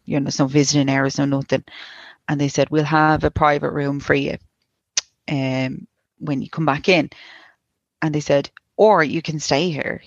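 An Irish woman in her thirties speaks with a gravelly edge, halting and restarting as she recounts a painful story and quotes the people around her. The recording is close and dry, with a slightly dull, lo-fi tone. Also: deep voice, no room sound. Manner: halting, many restarts and likes, quoting others. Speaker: guest sharing a personal story. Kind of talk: emotional personal account.

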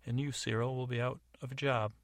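A man's voice: mid-range voice, steady tone, fairly quick, no echo, natural voice. A man voicing a scheming, imperious middle-aged stepmother in a storybook, close to his own voice. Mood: haughty.

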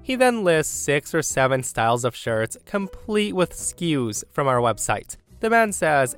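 A man's voice: a little high, very animated, unhurried, hardly any pauses, fairly bright tone, smooth, faint music behind. A young man in his twenties reading a story aloud, with sarcastic, wry asides. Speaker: story narrator.

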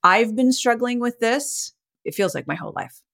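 A woman's voice: on the high side, lively intonation, normal speed, creaky, fairly bright tone. A middle-aged woman hosting a podcast, guiding listeners through a self-help exercise in an encouraging, conversational way and laughing often. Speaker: podcast host and coach.

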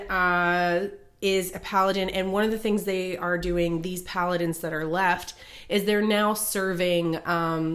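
Woman rambling through a plot retelling. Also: fairly low pitch. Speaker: podcast co-host. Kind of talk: casual book chat.

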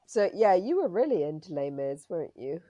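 A woman's voice: on the low side, big pitch swings, brisk, mellow, no room sound. A woman hosting a podcast in casual chat, playful and joking, her voice a little tired. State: voice tiring. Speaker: podcast host.

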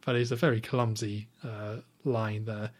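A man's voice: lowish voice, flat delivery, a little slow. A man hosting a podcast, casually retelling film scenes at length, with lots of "like" and restarts. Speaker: podcast host. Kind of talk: casual film recap chat.

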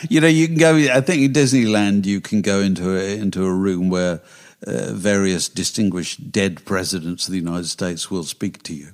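A man's voice: sits low, steady tone, moderate pace. An older man co-hosting a podcast, talking in a wry, emphatic way and chuckling often. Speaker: podcast co-host. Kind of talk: casual chat.

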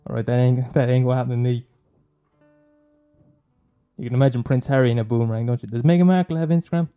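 A man's voice: medium pitch, steady tone, fast, dark tone, clean tone, faint music behind. A young man doing a profane, mocking comic rant, rambling and swearing constantly. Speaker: comedian.

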